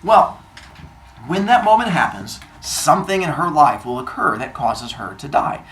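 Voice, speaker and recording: A man's voice: fairly high pitch, big pitch swings, normal speed, fairly bright tone, reverberant, far from the mic, a little hiss or hum. A male teacher telling myths to his class, playful and acting out scenes with sound effects. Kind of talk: classroom storytelling.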